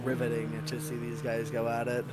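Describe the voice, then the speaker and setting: A young Canadian man commentating a virtual drift event, joking between runs and shouting during battles. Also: medium pitch, monotone, brisk, over loud music. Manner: playful, hype bursts during battles. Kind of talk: live sim-racing commentary.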